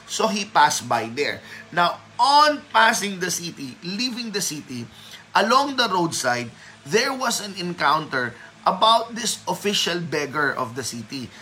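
A man's voice: fairly high pitch, bright, forceful tone, slight background noise, rough recording. A man with a Filipino accent giving a Bible teaching sermon to an online audience, moving freely between English and Tagalog and greeting listeners by name. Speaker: preacher.

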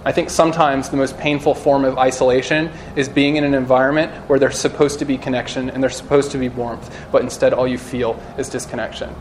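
A man's voice: medium pitch, little pitch movement, a little fast, hardly any pauses, a little hiss or hum. A young man giving a casual sermon-style talk to a live audience of students, chatty and joking, full of "like" and "you know". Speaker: speaker at a campus student gathering.

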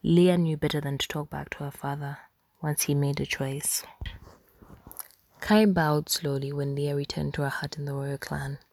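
A woman reads a tale in a hushed, unhurried whisper. Her voice sits low with a gravelly edge. The sound is dry and close. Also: fairly even intonation, no room sound. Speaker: storyteller. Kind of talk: whispered storytelling.

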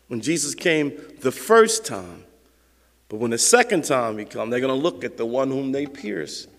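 A man preaching a sermon with a notably high voice for a man, emphatic and conversational, acting out the lines he reads. His voice rings with the long reverb of a large church hall. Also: animated, normal speed, a bit bright. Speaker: pastor.

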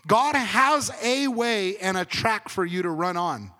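A man preaching a conversational sermon as pastor, swinging between emphatic and hushed. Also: high-pitched, animated, a little slow, long reverb tail.

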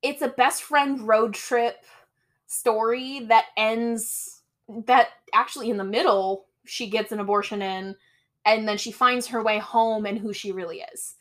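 A woman's voice: a little high, measured pace. Young woman animatedly recapping a movie. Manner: animated retelling that acts out characters' lines. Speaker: podcast co-host. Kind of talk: casual chat recapping a movie.

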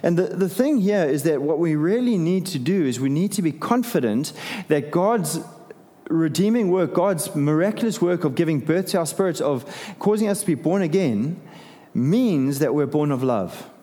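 A man's voice: a little high, normal speed. Conversational male preacher in a reverberant hall. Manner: conversational, animated preaching with self-deprecating asides. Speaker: pastor. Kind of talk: sermon.

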